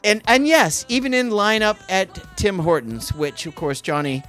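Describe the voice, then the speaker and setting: Earnest middle-aged Canadian podcast host. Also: male voice, sits high, very animated, moderate pace, fairly bright tone, soft background music. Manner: earnest, patriotic, wordy with restarts. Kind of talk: casual podcast talk.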